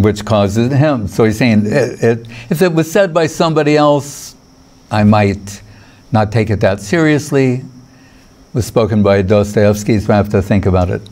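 A man's voice: fairly low pitch, warm tone. A man giving a lecture on scripture as a spiritual teacher, digressive, chuckling now and then and quoting Sanskrit verses.

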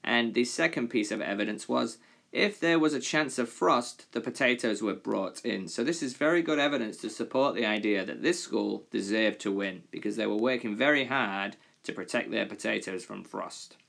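A man's voice: fairly low pitch, moderate pace, vocal fry, a bit bright. A male primary school teacher giving a recorded reading lesson, patiently explaining and reading a fable expressively.

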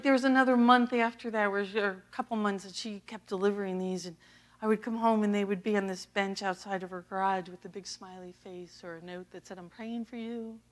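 A woman's voice: medium pitch, flat delivery, a little fast. An American woman, an associate pastor, preaching a sermon in a conversational, storytelling way and acting out the dialogue.

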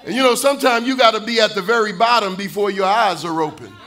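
Pastor, male, high bright voice, preaching with call-and-response, rising to shouts and sung lines. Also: fast, a faint crowd. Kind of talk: sermon.

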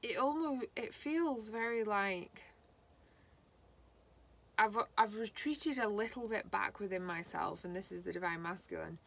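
A woman gives a spiritual card reading in a bright, clear voice. She speaks slowly and haltingly, pausing often as she puts feelings into words. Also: medium pitch. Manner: slow, halting and emotional, channeling feelings. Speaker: tarot reader.

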